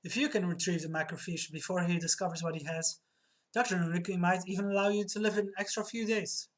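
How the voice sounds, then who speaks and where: A woman voicing a dorky male spy who turns loud and threatening. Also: on the low side, steady tone, quick pace, close to an everyday voice.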